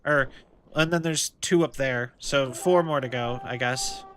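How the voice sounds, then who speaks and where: A man's voice: medium pitch, a little slow, a bit bright. A man streaming a game, chatting casually and rambling as he thinks aloud. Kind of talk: casual live gameplay commentary.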